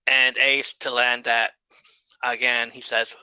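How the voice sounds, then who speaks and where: A man talks through a TV episode in a loose, joking way, swearing freely and laughing at the show. His voice is very bright and cutting, and the recording is dry and close. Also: medium pitch, flat delivery, slow, clear, resonant tone, dry recording, low-quality recording. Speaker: podcast host. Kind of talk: casual TV episode recap.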